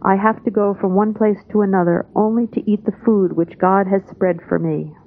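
A woman giving a spoken translation of a spiritual talk in a calm, measured, plain way. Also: medium pitch. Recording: tinny, phone-like old tape.

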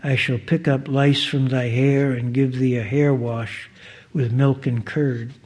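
Devoted young shepherd boy in a read-aloud parable , voiced by a man, earnest and pleading, slow and husky. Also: medium pitch, flat delivery, darkish tone. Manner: earnest, pleading, old-fashioned speech.

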